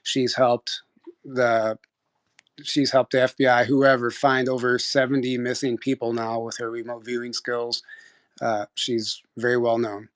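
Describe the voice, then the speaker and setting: A man's voice: medium pitch, little pitch movement, unhurried. Young guy telling his story on a voice chat, rambly, lots of restarts. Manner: rambling, with many restarts and quoted dialogue. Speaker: guest telling a personal story. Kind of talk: casual storytelling on a live audio chat.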